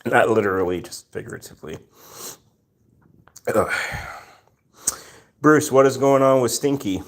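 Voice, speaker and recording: A man hosts a relaxed live stream from home with his rescue cats around him. He reads out viewer names one by one and answers them in a chatty, unhurried way, often pausing on fillers. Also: medium pitch. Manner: chatty, greets viewers by name, many fillers. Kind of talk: casual live stream chat.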